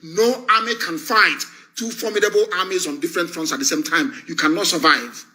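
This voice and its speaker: A man delivers a live broadcast speech full of stern, repeated warnings. His voice sits high and cuts sharply. He leans hard on each point and piles on insults. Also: fairly quick, sharp tone, poor audio. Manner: threatening, repetitive warnings; emphatic, insulting. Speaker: activist broadcaster.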